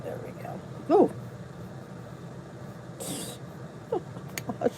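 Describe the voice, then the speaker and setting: A woman's voice: fairly high pitch, a little slow, pauses often, warm tone, slight background noise, low-quality recording. A middle-aged American woman hosting a casual livestream from home, chatty and bubbly, greeting viewers and reading their comments. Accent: US English. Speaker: YouTube livestream host. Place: indoors at home. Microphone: phone or camera on a stand.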